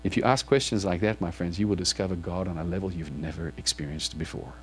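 A man's voice: low-pitched, quick pace, slight background noise. A man preaching to his congregation in church, reading scripture aloud and then asking it probing questions. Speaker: pastor. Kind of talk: sermon.

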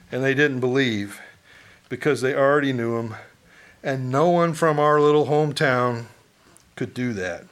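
Middle-aged male pastor, conversational sermon, mid-pitched voice, quizzes the congregation. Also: fairly bright tone. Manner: conversational, asks the congregation questions, mock-quotes townsfolk.

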